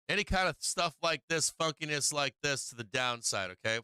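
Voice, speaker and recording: A man's voice: fairly high pitch, lively intonation, moderate pace, sharp tone, clear, resonant tone, dry recording. A man hosting a casual stock market livestream, walking viewers through charts and checking in with "okay?" and "right?". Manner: talks to viewers and his cat, repeats "right?" and "okay?". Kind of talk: casual live-stream market commentary.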